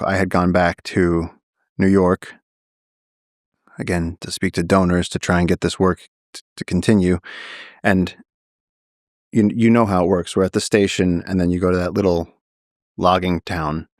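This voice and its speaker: A naturalist guest on a podcast vividly tells a story during a long-form interview, acting out the quotes. His voice is deep, and the studio-quality recording has no echo.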